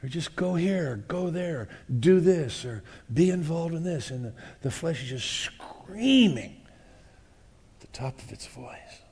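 A man preaching a sermon in a casual, conversational way, often asking the congregation questions, swinging from loud outbursts to hushed asides and acting out voices. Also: on the high side, animated, a little slow, breathy edge. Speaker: pastor.

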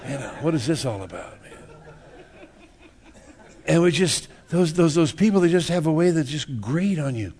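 A man's voice: on the high side, animated, normal speed, long pauses, a little mellow, some chatter behind. A man preaching a sermon in a church, folksy and joking, repeating words and acting out little everyday scenes. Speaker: pastor.

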